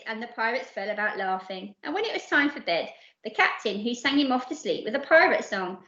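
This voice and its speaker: Woman storyteller, higher voice, very lively delivery, roomy lo-fi sound. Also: brisk. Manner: lively, puts on voices for characters. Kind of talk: reading a children's picture book aloud.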